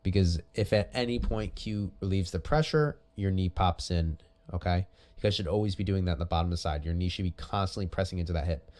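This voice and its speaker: Male jiu-jitsu coach, very low voice, chatty and encouraging commentary. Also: a little fast, few pauses. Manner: animated, coaching, chatty asides. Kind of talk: casual video commentary.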